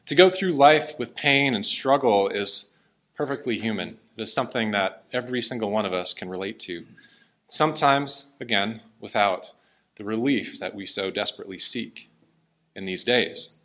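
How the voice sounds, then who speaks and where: Earnest male preacher, bright voice. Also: lowish voice, normal speed. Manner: earnest, emotional, tearing up at times. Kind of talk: sermon with scripture reading.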